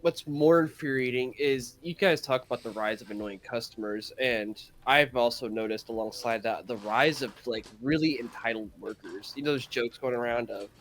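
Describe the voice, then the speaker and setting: A man's voice: medium pitch, normal speed, few pauses, fairly bright tone. A man co-hosting a casual podcast, ranting with profanity and mocking impressions of rude workers. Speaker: podcast co-host.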